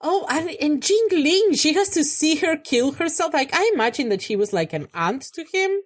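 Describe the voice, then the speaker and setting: A young woman hosting a reaction video, talking back at the screen in casual commentary and getting loud when angry. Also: sits high, big pitch swings, moderate pace.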